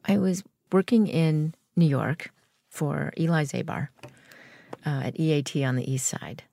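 A middle-aged American woman, a guest in an interview, tells a long story and acts out the people in it. Her gravelly voice is low-pitched and unhurried, with slight background noise.

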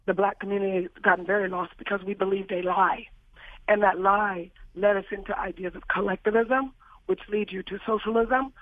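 A woman guest on a radio show, hoarse from losing her voice, talking in an earnest, lively way. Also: mid-range voice, dry recording. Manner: earnest and lively, laughs easily. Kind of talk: radio interview by phone. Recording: tinny phone line.

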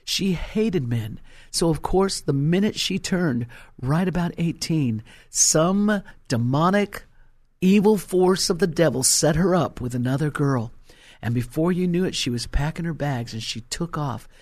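A man's voice: fairly high pitch, expressive, measured pace, a little mellow, no room sound, clean studio sound. A male pastor preaching an impassioned sermon and telling stories to his congregation.

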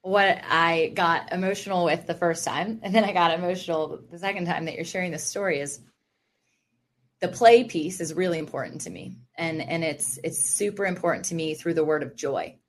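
A woman hosting a podcast speaks in a lower-pitched voice, reflective and faith-centered. She reacts warmly and laughs often during casual chat with her guest. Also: normal speed. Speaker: podcast host.

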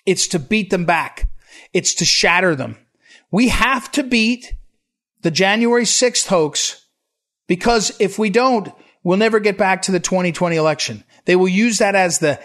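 A man with a notably high speaking voice delivers a talk radio monologue as the host. He presses his points with urgency and emphasis, often restarting mid-sentence and correcting himself as he goes. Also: a bit bright.

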